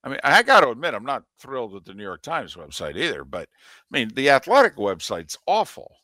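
Man, sports radio co-host, emphatic, lively pitch, dry close mic. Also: a little fast, dry recording. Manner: animated, emphatic opinions. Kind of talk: casual sports talk.

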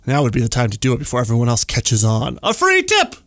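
A man's voice: medium pitch, steady tone, fast talker, darkish tone, no echo, studio quality. A man hosting a comedy news segment on the radio, joking and making sarcastic asides. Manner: jokey, playful, sarcastic asides. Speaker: radio show host.

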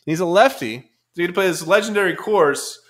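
A man's voice: sits high, fast talker, a bit bright. A young man co-hosting a podcast, casual, joking and swearing freely. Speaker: podcast co-host. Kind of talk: casual chat.

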